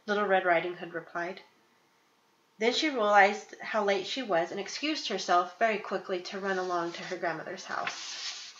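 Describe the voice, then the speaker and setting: A woman reading a fairy tale aloud in a clear, steady storybook narration. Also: mid-range voice, normal speed, reverberant, highs cut off.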